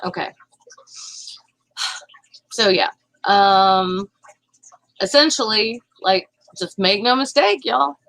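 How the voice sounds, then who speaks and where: An adult woman speaks in a bright, slightly sharp voice, recorded dry and close. She delivers indignant political commentary, stumbling and restarting as her feelings push ahead of her words. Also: medium pitch, slow pace, gravelly, pauses often, no echo, poor audio. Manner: impassioned, indignant, with frequent restarts. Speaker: vlogger.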